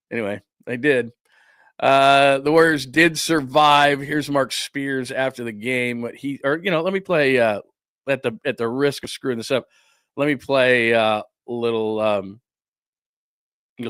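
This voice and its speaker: A man hosting a sports talk show from a studio, talking casually and ranting with animated indignation. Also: medium pitch, unhurried, clear, resonant tone, no echo.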